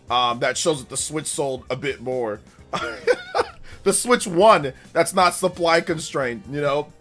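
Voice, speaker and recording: A man hosting a live stream, chatting in an animated, mocking way with quick bursts of speech. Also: fairly high pitch. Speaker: streamer host. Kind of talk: live stream commentary chat.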